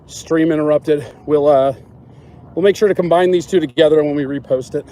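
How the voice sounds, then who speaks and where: A man's voice: a little high, a little fast, mellow. A man hosting a casual walking livestream on city streets, trading crude jokes with a guest. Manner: crude joking banter. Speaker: streamer host. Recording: outdoor street noise.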